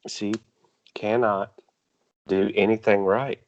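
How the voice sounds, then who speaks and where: A man co-hosting a casual podcast, easygoing and halting, often agreeing with his partner. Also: lowish voice, steady tone, lo-fi sound, crowd noise. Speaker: podcast co-host. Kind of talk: casual chat.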